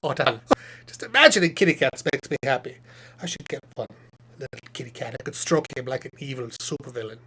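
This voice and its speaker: A man voicing a chatty, self-satisfied male puppet professor who hosts a live stream, reading chat questions aloud and rambling through them with deadpan jokes. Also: medium pitch, a little fast, breathy edge, voice pushed down.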